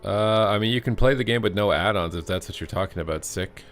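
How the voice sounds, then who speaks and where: A man's voice: on the low side, fast, fairly bright tone, faint music behind. A young man streaming a game live, giving playful commentary full of jokes and trash talk.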